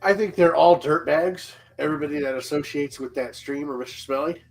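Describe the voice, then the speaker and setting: A man's voice: fairly high pitch, a little fast, creaky, soft background music. A man in casual livestream chat, speaking bluntly and condemning people.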